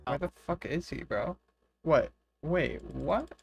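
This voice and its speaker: Gravelly streamer guy, swearing and laughing. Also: on the high side, takes it slowly, faint music behind. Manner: swears casually, laughs often, reads game dialogue aloud. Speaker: streamer playing a retro online game. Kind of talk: casual gameplay commentary.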